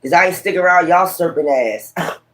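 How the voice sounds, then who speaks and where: A man's voice: high-pitched, fairly quick, a bit bright. A man with a Brooklyn accent doing a tarot reading, ranting profanely and combatively at his critics. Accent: Brooklyn, New York. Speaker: tarot reader. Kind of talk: casual tarot livestream rant.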